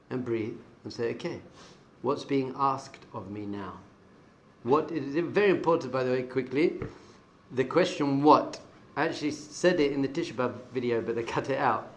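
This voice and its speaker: A middle-aged man, a rabbi, giving a lively Torah class to yeshiva students, moving between loud emphatic bursts and quiet asides and dropping Hebrew terms into his talk. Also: on the high side.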